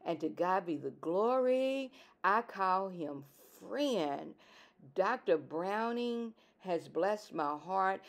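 A woman's voice: medium pitch, expressive, takes it slowly. An older woman hosting a faith talk show over a video call. She talks in an effusive way and keeps exclaiming phrases of praise. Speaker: host. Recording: echoey, muffled video call audio.

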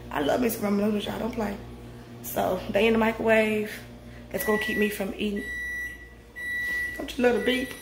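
A woman in her thirties vlogs about her day, chatting straight to her viewers in a loose, familiar way. She sounds a little tired after exercising, and her voice sits slightly high. A faint background hiss runs under the phone recording. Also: roomy sound. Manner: chatty, talks straight to viewers with lots of "y'all" and "you guys". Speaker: vlogger documenting a fitness journey. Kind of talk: casual vlog chat to camera.

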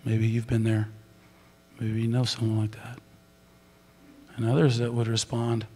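A man preaching a sermon as pastor, animated, swinging from loud exclaiming to soft whispers. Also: on the low side, measured pace, pauses often, breathy edge. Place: large church sanctuary. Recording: long hall reverb.

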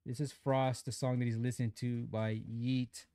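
A man's voice: mid-range voice, little pitch movement, normal speed, dark tone, smooth, no room sound, studio quality. A young man live-streaming a mobile shooter, chatting casually in slang while greeting viewers and reading chat aloud.

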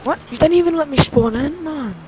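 A young man in heated voice chat during an online game, swearing constantly and quick to shout. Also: extremely high pitch, heavy background noise. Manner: foul-mouthed, quick-tempered, shouting in bursts.

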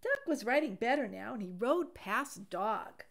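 A woman reading a children's picture book aloud, animated and expressive. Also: a little high, a little slow, creaky. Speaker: storybook reader.

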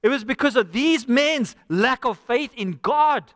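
High-voiced preacher, reverberant hall. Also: male voice, expressive, a little slow, fairly bright tone, studio quality. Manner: earnest, conversational preaching, often calling listeners "friend". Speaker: pastor. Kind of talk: live sermon. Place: church sanctuary. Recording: church hall with long reverb.

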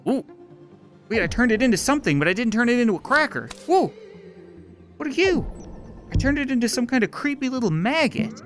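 A gaming host talks viewers through a playthrough in a loose, jokey way, the voice leaping all over its range. The pitch sits in a middle register, and faint game music runs quietly underneath. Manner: chatty, jokey, talking to viewers while playing. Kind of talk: casual let's-play commentary.

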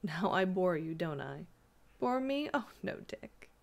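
A gentle young wife, playful and affectionate, from a Victorian ghost story read aloud by a woman. Her lines come lilting and sweet, rising a little above the reader's own register. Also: lowish voice, big pitch swings, slow pace, creaky, exaggerated voice. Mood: tender.

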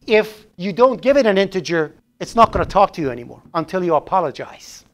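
A man's voice: high-pitched, sing-song, a little fast, hardly any pauses, fairly bright tone. A man teaching a programming class live in a classroom, chatty, often restarting phrases and throwing in joking asides. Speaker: programming instructor.

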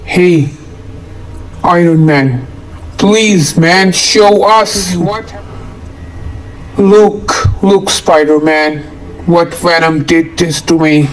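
A man voicing a brave young male superhero in a toy-figure story, with excited, urgent calls. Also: a little high, drawn-out words, pauses often, pitched below the performer's own voice, low-quality recording. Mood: heroic.

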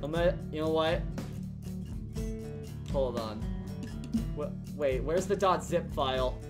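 A woman with a lowish voice gives loose, swearing commentary on a horror game stream. She talks slowly and unhurriedly, her tone rising and falling plenty. Music plays clearly underneath her. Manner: swears a lot, laughs often, blunt reactions.

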